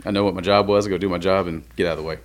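Fast-talking deep-voiced man. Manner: relaxed, matter-of-fact storytelling. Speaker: DJ, podcast guest. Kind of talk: casual conversation.

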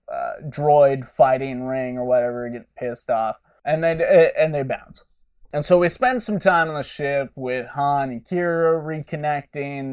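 A man hosting a podcast, recapping a film plot in a rambling, profane, animated way. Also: mid-range voice, recorded from a distance. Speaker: podcast host. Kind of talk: casual movie review recap.

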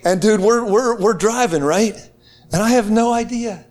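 A man from the United States telling a testimony to a group in an excited, casual way, with slang and many restarts. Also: sits high, moderate pace. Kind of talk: animated storytelling to a group.

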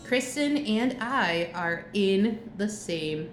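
A woman's voice: medium pitch, lively intonation, slow pace, soft background music. Chatty woman podcast co-host, echoey room. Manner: chatty, laughs often, trails off with fillers. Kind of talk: casual chat. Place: apartment room. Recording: echoey room, faint ambience.

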